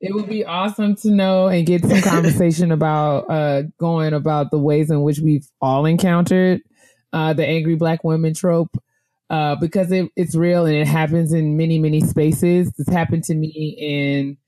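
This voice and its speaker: Woman, book club co-host, casual chat, laughs often, somewhat low voice. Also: fairly even intonation, normal speed, mellow. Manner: laughing, repeats herself when worked up.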